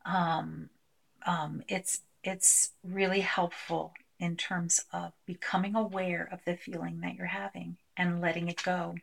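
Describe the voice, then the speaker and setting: A woman presenting a live workshop, talking through a technique with many pauses and fillers. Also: fairly low pitch, little pitch movement, gravelly, slightly rough. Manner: hesitant, filler-heavy, demonstrates by voicing a client. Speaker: clinician presenting a tapping technique.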